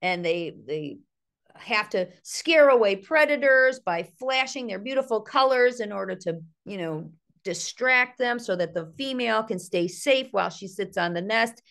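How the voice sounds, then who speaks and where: A middle-aged woman from Ohio, a naturalist giving an online nature workshop in a chatty, playful way, with a slightly gravelly voice. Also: mid-range voice, expressive, normal speed, fairly bright tone. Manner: chatty, playful, mimics bird calls in sing-song. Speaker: naturalist and art instructor. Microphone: video call.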